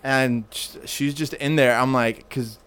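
A man's voice: medium pitch, a little slow, clean tone. A man telling a wild story in casual chat, swearing freely and acting out quotes. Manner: animated, profane, acts out quotes in raised voice.

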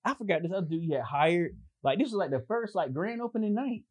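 A man telling stories in casual chat, animated and swearing, jumping into high voices when quoting people. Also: quick pace, no room sound. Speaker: podcast guest telling stories.

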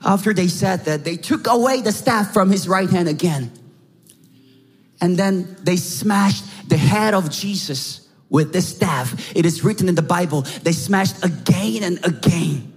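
A man with a Korean accent preaching a dramatic sermon, acting out scenes with shouts and hushed lines. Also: sits high, unhurried, slightly rough. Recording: reverberant hall with faint music.

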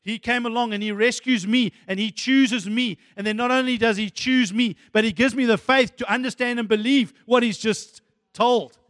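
A man preaching a sermon as pastor, animated and excitable, dropping to soft asides at times. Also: extremely high pitch, normal speed, no room sound, studio quality, big-room sound.

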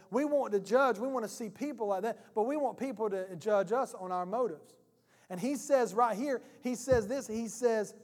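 A male pastor delivers a lively, joking sermon, talking to the congregation like a friend. His voice is high for a man. A long reverb from the church hall trails behind him. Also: normal speed. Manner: animated, humorous, conversational preaching.

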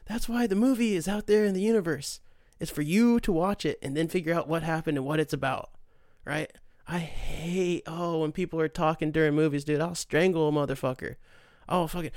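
A man's voice: high-pitched, brisk, no room sound, studio quality. A man in his late twenties, a podcast host ranting casually with profanity and sarcasm. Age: late 20s. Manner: profane, sarcastic, animated mock voices. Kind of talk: casual rant.

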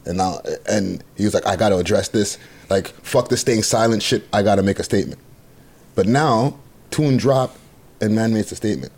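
A man's voice: on the low side, normal speed. A man hosting a casual music podcast, joking and reading posts aloud to his audience. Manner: animated, playful, reads posts aloud. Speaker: podcast co-host. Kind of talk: casual chat about music.

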